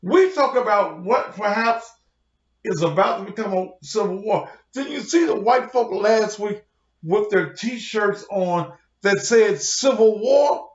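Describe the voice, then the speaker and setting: A man's voice: high voice, lively intonation, takes it slowly. A man who is a pastor, delivering a heated, confrontational rant full of cursing to his online audience. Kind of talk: profane livestream rant. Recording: roomy, dull lo-fi sound.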